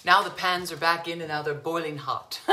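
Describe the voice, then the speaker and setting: A woman with a bright, forceful voice hosts a casual cooking demo in her home kitchen. She gushes over everything and keeps calling her viewers sweetheart and lovies. Her voice rings a little in the echoey kitchen. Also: low-pitched, a little hiss or hum. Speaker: cooking show host.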